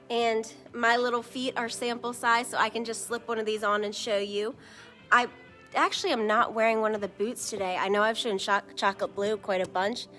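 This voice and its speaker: A woman's voice: mid-range voice, fairly bright tone. A woman hosting a live shoe showcase, chatty and upbeat, talking straight to viewers. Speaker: shoe store host.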